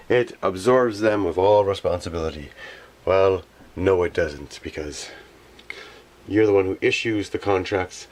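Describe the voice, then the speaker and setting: A garbage collector delivering an indignant, rambling monologue, repeating himself and often pausing with filler phrases as he searches for words. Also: sits low. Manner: indignant, repetitive, often pauses with "how you say".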